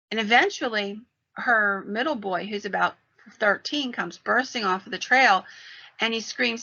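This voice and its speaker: Woman podcast host, paranormal storyteller; gravelly, lo-fi. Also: mid-range voice, measured pace. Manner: animated retelling of a story. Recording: dull lo-fi sound.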